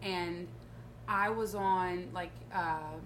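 A woman's voice: lowish voice, fairly even intonation, extremely slow, a bit bright, slight background noise. A woman from the American South telling a story in chatty podcast conversation. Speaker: podcast co-host. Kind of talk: casual storytelling.

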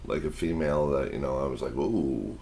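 A man's voice: rumbling low, steady tone, quick pace, a little mellow. A man co-hosting a casual podcast chat, joking and teasing in a mock-indignant way. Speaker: podcast co-host.

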